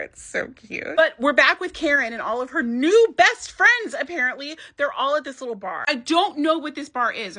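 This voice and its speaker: A quick-talking woman recaps a TV episode in a casual, chatty way, her voice bright and pitched a little high. She leans on emphatic phrasing and throws in sassy asides as she goes.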